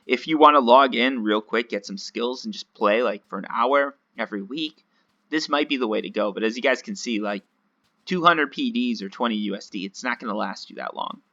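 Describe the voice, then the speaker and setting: Man, casual gameplay commentary, self-mocking, bright tone, dull recording. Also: medium pitch, a little fast. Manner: chatty, rambling, self-mocking. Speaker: gaming video host.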